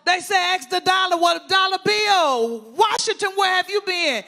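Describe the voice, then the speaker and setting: A man preaching a fervent sermon, shouting out long repeated lists and call-and-response lines. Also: very high-pitched, moderate pace, creaky.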